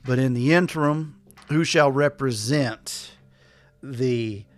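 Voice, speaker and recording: Stern ghost judge, formal and slow; a game master plays him, faint music behind. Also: male voice, mid-range voice, close to an everyday voice.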